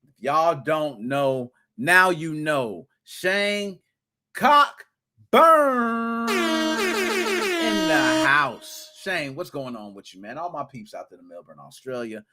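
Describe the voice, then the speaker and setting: A man hosting a live gaming podcast, giving playful, hyped-up shout-outs to his chat with slang and rhymes. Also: mid-range voice, sing-song, unhurried, soft background music. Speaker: podcast host.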